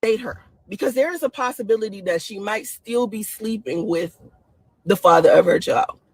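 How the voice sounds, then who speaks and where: A woman talking casually on a live stream, excitable and laughing often, her voice swooping up high. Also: normal speed, breathy edge, dry recording. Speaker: live-stream host giving dating opinions.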